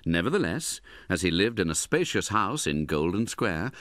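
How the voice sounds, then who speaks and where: A man narrating a classic novel as an audiobook, measured and expressive. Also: low-pitched, no echo.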